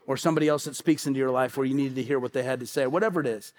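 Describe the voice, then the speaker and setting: Man, pastor, middle-aged, high-pitched, emphatic sermon delivery. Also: steady tone, rapid-fire, hardly any pauses. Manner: emphatic preaching with repeated phrases and acted-out quotes.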